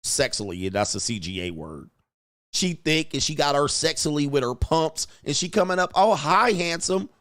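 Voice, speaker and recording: A man hosting a casual livestream, talking animatedly and swinging between mocking high voices and low mutters. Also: animated, moderate pace, fairly bright tone, no echo, studio quality. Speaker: host.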